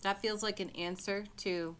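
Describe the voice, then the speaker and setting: A woman giving a spiritual tarot reading to her viewers, speaking gently and often breaking into soft little laughs. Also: mid-range voice, steady tone, normal speed, a little hiss or hum. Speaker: tarot reader.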